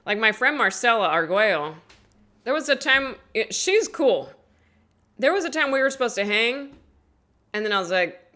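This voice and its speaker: A woman in her thirties, a comedian telling a casual comic monologue, animated and swinging between mumbled asides and shouted bits. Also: on the high side, moderate pace. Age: 30s. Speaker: comedian, podcast host.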